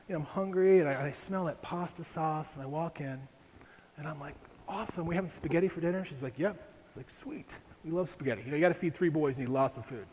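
The long reverb of a large hall, with faint ambience, surrounds a young man from Ohio as he preaches. He's a pastor sharing a family story and often asking the congregation rhetorical questions, his voice on the high side and a little mellow.

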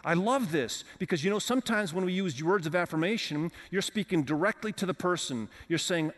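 A man's voice: sits high, expressive, brisk, few pauses. Male pastor preaching in a reverberant hall. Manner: conversational preaching, asks the congregation questions. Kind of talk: sermon. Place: church with several campuses.

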